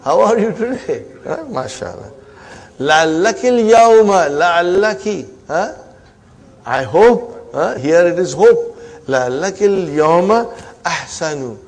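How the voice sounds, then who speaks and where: A man leads a classroom Arabic grammar lesson in English. His voice sits a little high, and he keeps drilling the students with repeated questions and quick prompts, weaving in Arabic and Islamic phrases. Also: very animated, creaky, darkish tone, husky. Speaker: Arabic teacher.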